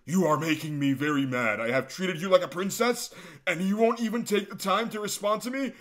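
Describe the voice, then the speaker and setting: A man's voice: brisk, fairly bright tone. Man putting on a whiny lovesick stalker. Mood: indignant. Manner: high whiny pleading, breaking into sobs. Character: obsessed lovesick young man pleading, whiny.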